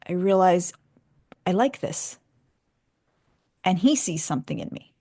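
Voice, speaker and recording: A woman author, a guest on a radio show, telling a personal story casually and acting out the dialogue as she goes. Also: on the low side. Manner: animated, acts out dialogue. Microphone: studio microphone.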